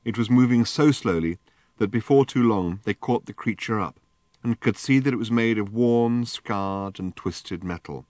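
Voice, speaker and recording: A man reading an audiobook in measured, deadpan narration. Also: on the low side, no room sound. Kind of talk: scripted narration.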